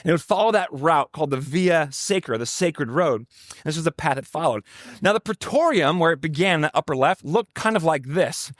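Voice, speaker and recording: A man's voice: fairly high pitch, animated, fairly quick, no room sound, studio quality. A man, a pastor, preaching a sermon in a conversational way with joking asides to the congregation.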